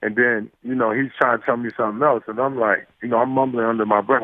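A man tells stories as an interview guest, lively and loose, full of restarts and little acted-out exchanges. His voice comes through a tinny, phone-like line, dry and close. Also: mid-range voice, fast talker, few pauses, dry recording. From New York. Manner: animated, acts out quoted exchanges, many fillers and restarts. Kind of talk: casual storytelling.

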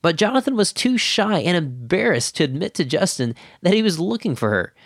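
A man's voice: high voice, sing-song, fairly quick. A man hosting a casual interview, narrating briefly and asking short follow-up questions. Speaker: host.

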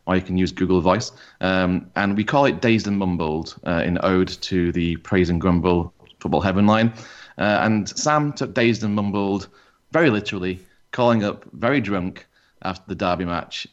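A man co-hosting a football podcast, chatting casually and joking. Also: low voice. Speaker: podcast co-host. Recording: dull lo-fi sound.

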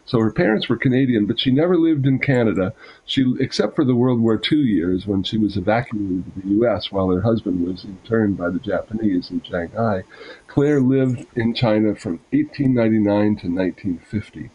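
A man's voice: on the low side, normal speed, breathy edge, muffled recording. A man reading aloud from a memoir, then explaining it with fillers and restarts.

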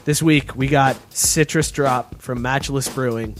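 A man's voice: mid-range voice, steady tone, unhurried, soft background music. A man co-hosting a casual podcast, who laughs a lot and fumbles the ad reads. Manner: laughs often, stumbles over read-out codes. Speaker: podcast co-host reading ads. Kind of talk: casual chat.

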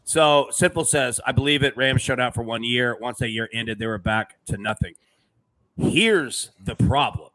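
Host, male, bright and forward tone, casual filler-heavy sports chat. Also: mid-range voice, moderate pace. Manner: loose, filler-heavy, reads chat comments aloud. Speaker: podcast host.

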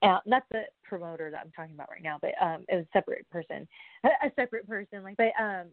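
A woman telling a rambling story in a casual vlog, full of fillers and asides, dropping to hushed whispers and then bursting out. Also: lowish voice, quick pace, vocal fry, dry recording. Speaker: wrestler. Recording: tinny phone-like, dry sound.

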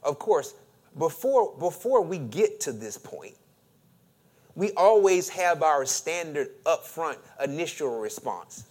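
A man preaching in a somewhat high, very animated voice that climbs and drops from phrase to phrase. He swings between loud, punchy emphasis and quiet asides. He acts out quoted questions with a rising inflection and calls on the congregation to respond. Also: slow pace. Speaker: pastor. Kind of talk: sermon.

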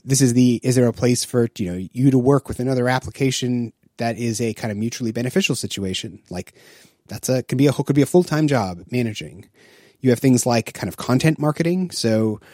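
Mellow-voiced man, casual podcast co-host. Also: mid-range voice, no echo, clean studio sound. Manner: rambling, full of fillers and restarts.

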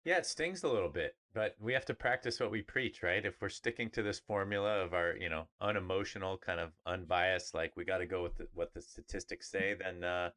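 A man's voice: low-pitched, a little fast, hardly any pauses, sharp tone. A man co-hosting a podcast, chatting casually about sports in an upbeat, rambling way with fillers. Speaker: podcast co-host.

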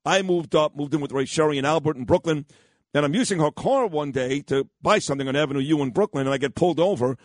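A man's voice: fairly high pitch, fast, no echo, studio quality. A man hosting a radio talk show, telling stories and giving blunt, rambling opinions. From New York. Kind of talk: storytelling and opinionated chat. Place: radio studio.

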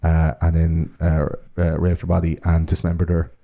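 A man's voice: very deep voice, completely flat delivery, moderate pace, vocal fry, warm tone. A man recounting a true-crime case in casual chat, full of fillers and restarts. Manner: hesitant, many fillers and restarts, swears casually. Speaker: podcast co-host.

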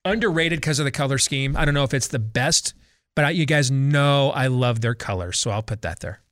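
A man's voice: mid-range voice, brisk, a bit bright, dry recording, clean studio sound. A man hosting a talk show, chatting loosely with his co-hosts and breaking for live ad reads. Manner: loose, conversational, with frequent restarts and asides. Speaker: radio show host.

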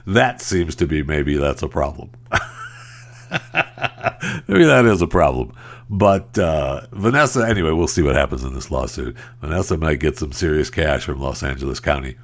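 A man hosts his podcast alone, talking casually about the day's stories. His voice sits very low and deep. He keeps slipping into mocking, sarcastic asides. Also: animated, moderate pace. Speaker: podcast host. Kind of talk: casual solo commentary.

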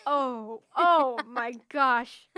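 A young woman co-hosting a podcast in casual chat, giggly and excitable, with drawn-out reactions. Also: high voice, highs cut off, a little hiss or hum. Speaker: podcast co-host.

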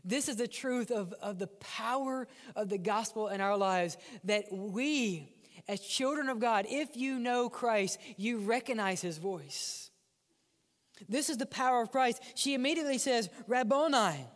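A male pastor preaching a sermon, swinging between loud, driven lines and hushed, near-whispered ones. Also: very high voice, unhurried, long reverb tail. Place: church sanctuary.

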